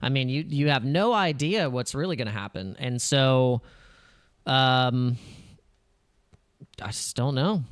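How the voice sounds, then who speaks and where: A man hosting a crypto channel, talking over charts in casual, excitable commentary and acting out panicky investor voices. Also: mid-range voice, slow, pauses often, smooth, dry recording, studio quality.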